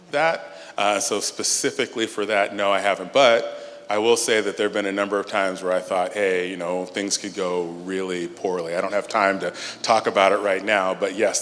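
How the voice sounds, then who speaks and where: A man with a lowish voice answers questions from the audience at a conference. His delivery is measured and emphatic. The sound rings through a large hall with a long reverb. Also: a bit bright, slight background noise. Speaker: conference speaker. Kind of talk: Q&A talk at a church conference.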